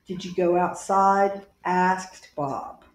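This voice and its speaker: Patient and deliberate, a woman teacher gives her class a recorded grammar lesson, naming every punctuation mark aloud. Her pitch is fairly low, and the sound is roomy.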